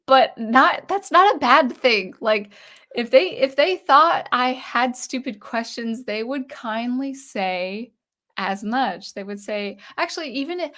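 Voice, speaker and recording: A woman's voice: on the high side, a bit bright. A young adult woman, a composer, thinking aloud in a casual talk to camera, with frequent restarts. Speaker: composer vlogger.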